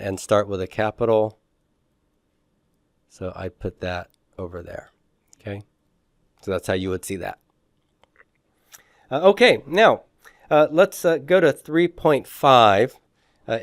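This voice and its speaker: A man's voice: mid-range voice, clear, resonant tone, dry recording, clean studio sound. A man teaching a beginners' Greek lesson, explaining patiently and often checking in with "okay?". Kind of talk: classroom lecture.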